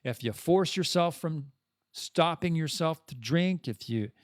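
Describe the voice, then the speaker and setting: Rambling, animated man hosting a podcast. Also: unhurried, no echo, clean studio sound. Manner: rambling, self-deprecating, animated swings in pitch. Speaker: podcast host. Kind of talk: casual podcast monologue.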